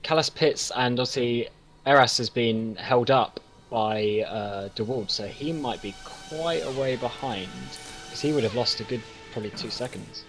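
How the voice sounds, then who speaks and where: A man's voice: mid-range voice, normal speed, a bit bright, soft background music. A man co-commentating a live race, speaking hesitantly with many fillers. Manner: hesitant, many ums and uhs. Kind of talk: live sim racing commentary.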